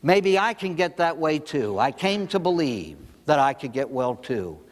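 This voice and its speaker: With a slightly high, unhurried voice and a long reverb tail, an older priest delivers a recovery talk to an audience. His manner is animated as he tells stories and poses rhetorical questions.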